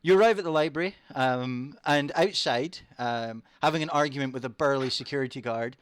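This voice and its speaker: A man's voice: medium pitch, brisk, smooth. A British man running a tabletop game as dungeon master, hesitant and laughing often. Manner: hesitant, full of ums and laughs.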